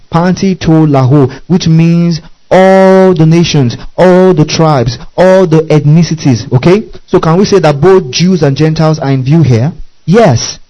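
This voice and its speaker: A man's voice: on the high side, warm tone, rough recording. A male preacher teaching from scripture, often checking that the congregation is following and spelling out Greek words. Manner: teaching verse by verse, repeatedly asking the congregation if they follow. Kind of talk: sermon.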